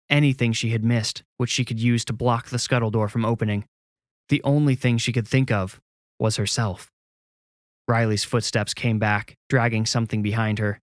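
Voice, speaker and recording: A man narrating a scripted horror story in a measured, suspenseful way. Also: lowish voice, dry recording, studio quality.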